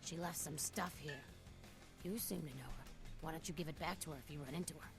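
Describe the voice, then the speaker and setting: An actress playing a friendly, chatty diner waitress in a game. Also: female voice, deep voice, a little fast, vocal fry. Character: kindly diner waitress, middle-aged woman. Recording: game music behind.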